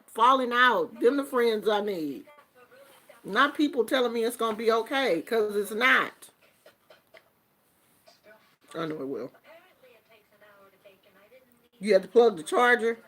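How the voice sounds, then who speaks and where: Woman, casual storytelling chat, animated, bright clear voice, a little high. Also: slow pace, long pauses. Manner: animated, acts out quotes. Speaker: host.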